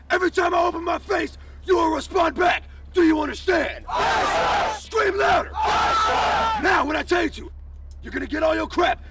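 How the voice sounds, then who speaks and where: Man, drill instructor, hoarse barking commands, very high strained pitch, loud background noise. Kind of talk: shouted commands. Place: inside a bus. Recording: distant mic, loud crowd and noise.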